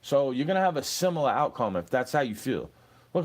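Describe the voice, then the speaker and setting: A man's voice: mid-range voice, very animated, brisk. A young man ranting at a commenter, profane and confrontational, repeating "bro" as he lectures and threatens. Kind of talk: angry rant at a commenter.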